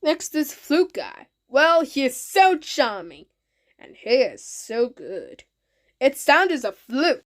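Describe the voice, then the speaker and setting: A woman hosting her own video, narrating casually with excited, simple, repetitive phrasing. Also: high-pitched, slow pace. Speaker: channel host.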